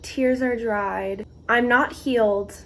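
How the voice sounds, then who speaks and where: A young woman giving her reactions and final thoughts in a casual reading vlog, talking in an expressive way and swearing freely. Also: fairly high pitch, slow pace. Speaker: book vlogger. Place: outdoors on a balcony.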